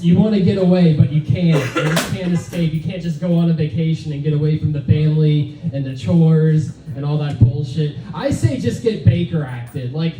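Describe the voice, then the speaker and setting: A man doing a stand-up set in a club with a deadpan, halting delivery full of fillers. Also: a little high. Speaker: stand-up comic. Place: comedy club, open mic. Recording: echoey room from far off. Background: audience laughter.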